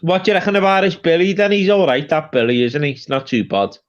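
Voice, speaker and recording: A man's voice: a little high, fast, dull audio. A man on a livestream panel trading casual banter, laughing often and swearing freely.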